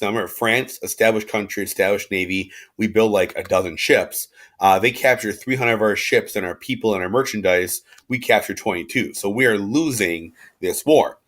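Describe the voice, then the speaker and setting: Casual low-voiced male history teacher. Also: a bit bright. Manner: casual, conversational, frequent fillers and asides. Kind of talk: informal lecture.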